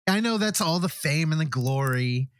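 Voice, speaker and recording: Male host, lively pitch, dry close mic, enthusiastic and profane. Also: moderate pace, dry recording. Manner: enthusiastic, swears freely. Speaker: podcast host. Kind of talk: casual interview chat.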